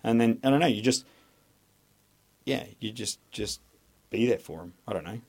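An Australian army veteran speaks candidly in an interview, rambling with lots of hesitation and frequent swearing. His voice is on the low side, expressive, and a little mellow, and he speaks at a normal speed.

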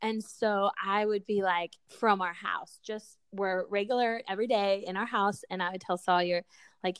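A woman co-hosting a casual chat, telling animated parenting stories, acting out quotes and laughing often. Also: mid-range voice, normal speed, dry recording.

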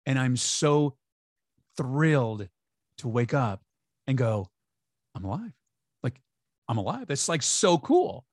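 A man's voice: medium pitch, very animated, takes it slowly, long pauses, a little mellow, no room sound, clean studio sound. A man talking as an interview guest, upbeat and emphatic, sometimes acting out quoted voices. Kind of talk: conversational interview.

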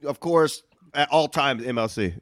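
A man's voice: mid-range voice, normal speed, a bit bright, dry recording, clean studio sound. A man co-hosting a crude comedy podcast, laid-back and teasing, laughing along often. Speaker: podcast co-host.

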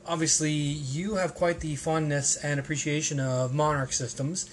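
A man's voice: fairly high pitch, level tone, normal speed, slight background noise. A man hosting a casual podcast, rambling and hesitant, with plenty of restarts and ums. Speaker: podcast host.

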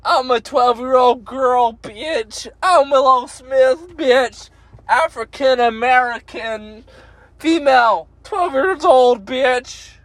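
A man's voice: extremely high pitch, slow, fairly bright tone, dry recording, voice pushed up, exaggerated voice. A man doing a brash, mocking impression of a young girl pop singer, chanting taunts. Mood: taunting.

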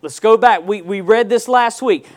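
A man's voice: high voice, moderate pace. A male pastor preaching a sermon, reading scripture and calling on the congregation to answer back. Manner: preaching with call-and-response, rising to loud exclamations.

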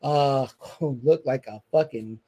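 A man chatting casually as a podcast co-host, recapping a film scene with animated, profane retellings. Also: medium pitch, a little slow, breathy edge. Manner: animated, profane, acts out dialogue. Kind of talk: casual movie recap chat.

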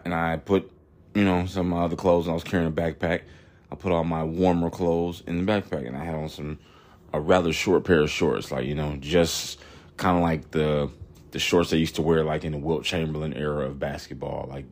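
A man in his thirties hosting a podcast, telling a long story in a rambling, blunt and profane way, full of fillers. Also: rumbling low. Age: 30s. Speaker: podcast host.

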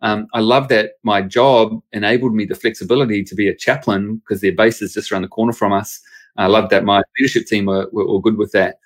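A man's voice: lowish voice, steady tone, brisk. A man, a pastor and sports chaplain, telling stories casually in an interview and acting out the voices of people he quotes.

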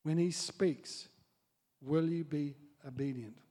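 A man preaching a sermon as pastor, dropping to soft asides and building up to loud, excited storytelling. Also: on the high side, slow pace. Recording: long hall reverb.

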